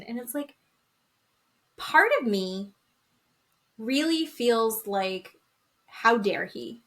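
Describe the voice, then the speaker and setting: A woman with a somewhat high voice co-hosts a chatty podcast. She retells a reality show with gossipy relish and dramatic quoting of the people in it. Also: slow pace, pauses often. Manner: animated gossipy storytelling, acting out quotes. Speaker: podcast co-host. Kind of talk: casual chat recapping reality TV.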